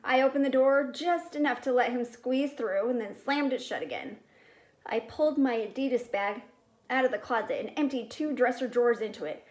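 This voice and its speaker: A woman's voice: normal speed, darkish tone, low-quality recording. Woman reading a children's book aloud. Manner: shifts pitch and volume for each character's lines. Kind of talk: storybook read-aloud.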